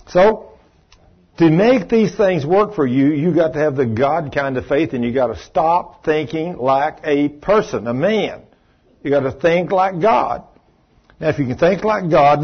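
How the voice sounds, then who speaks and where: A man's voice: on the high side, slightly rough. A man preaching a sermon in a folksy, emphatic way, with conversational asides to the congregation. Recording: dull lo-fi recording.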